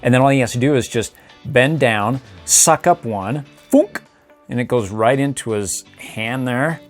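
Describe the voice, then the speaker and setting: A man's voice: mid-range voice, normal speed, faint music behind. A middle-aged man hosting a casual toy review, playful and chuckling, making little sound effects as he poses figures. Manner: playful, chuckling, makes sound effects while posing toys.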